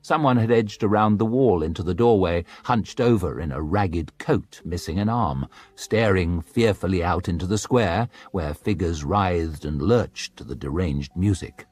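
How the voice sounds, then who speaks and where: A man narrating an audiobook in a slow, dramatic storytelling manner. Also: low voice, a little mellow.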